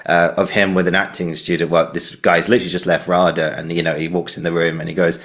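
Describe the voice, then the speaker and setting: A man hosting a podcast, telling a story in an animated way and laughing often. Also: deep voice, fast, few pauses. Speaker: podcast host. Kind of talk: podcast interview.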